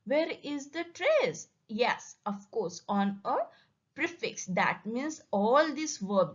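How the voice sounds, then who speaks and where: Slow, deliberate woman teaching a language lesson. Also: a little high, lively intonation, muffled recording. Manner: slow, deliberate, repeats example words for drilling. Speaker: German teacher.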